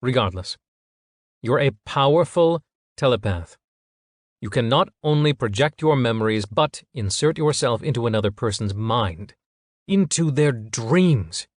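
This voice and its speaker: A man reading an audiobook, voicing a cold, calculating middle-aged father who speaks in a measured, clinical way. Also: mid-range voice, animated, dry recording, clean studio sound.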